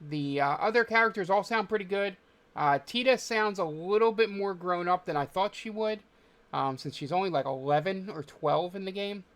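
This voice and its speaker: A man's voice: high voice, normal speed, a bit bright. A man hosting a podcast, talking casually about games in a loose, rambling way with many filler words. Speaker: podcast host. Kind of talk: casual chat.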